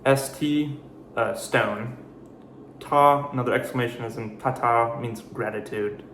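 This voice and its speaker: A man's voice: medium pitch, steady tone, fairly bright tone, reverberant. Male host, casual explainer, dry jokey delivery, faint hum behind. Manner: dry, jokey asides between slow definitions. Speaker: video host. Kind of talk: casual explainer reading a word list.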